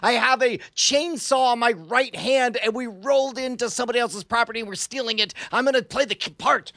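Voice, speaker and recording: A swaggering warlord with a fake Southern drawl delivers slow, grandiose threats from a tabletop game, as a man puts him on. The voice sits high, and the sound is close and dry. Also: creaky, sharp tone, no room sound, full character voice. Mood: menacing. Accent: put-on fake Southern drawl. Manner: slow grandiose villain speeches. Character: swaggering menacing male warlord of a chimp army.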